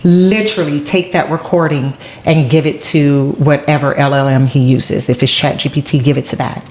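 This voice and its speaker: A woman talking casually on a podcast, animated and playful, who slips into sassy quoted voices. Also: low voice, moderate pace. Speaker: guest. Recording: echoey room with faint noise.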